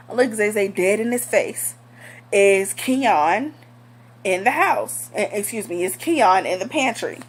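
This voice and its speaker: A woman's voice: medium pitch, slightly rough. A young woman telling a storytime vlog in a blunt, heated, profane way. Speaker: vlogger.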